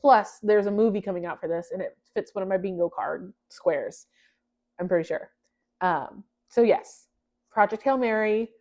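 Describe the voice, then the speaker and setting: A woman's voice: mid-range voice, normal speed, a little mellow. Chatty young woman, slightly dull sound. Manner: chatty, self-deprecating, restarts and laughs. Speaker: book vlogger. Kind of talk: casual chat to camera.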